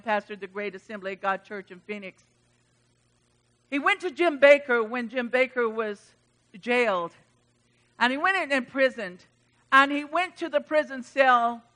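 A middle-aged woman pastor preaching a sermon with passion, her voice swelling loud and dropping low.

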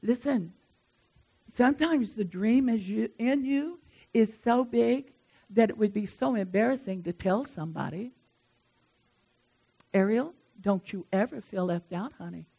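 A woman preaching a sermon in church, swinging between hushed asides and loud emphatic lines. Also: mid-range voice, measured pace, gravelly, long pauses, breathy edge, rough recording.

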